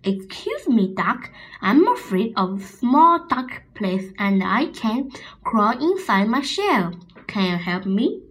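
A woman's voice: fairly high pitch, sing-song, takes it slowly, fairly bright tone, exaggerated voice. A woman reading a storybook, voicing a small, timid boy turtle who politely pleads for help.

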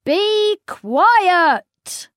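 A woman with a British accent voicing a grumpy old male farmer in a children's storybook reading, cross and begging for quiet. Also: very high-pitched, big pitch swings, very slow, no room sound, clean studio sound, full character voice. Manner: cross, pleading for silence.

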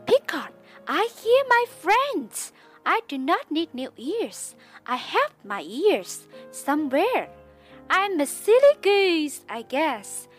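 A woman voicing a gullible, silly female goose in a children's storybook read-aloud, with high squealing exclamations. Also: big pitch swings, slow, exaggerated voice. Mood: relieved. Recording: faint music behind.

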